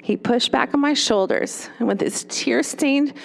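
Storytelling woman speaker, slightly high voice. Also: a little slow, creaky. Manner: storytelling with tag questions. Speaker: speaker, former children's pastor. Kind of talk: talk to parents.

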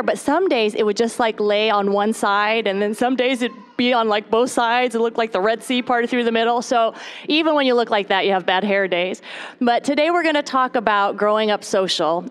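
A woman in her thirties from the United States, giving a live talk to a moms' group from a podium and chatting straight to the audience. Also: fairly high pitch. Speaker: speaker at a moms' gathering. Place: stage at a podium.

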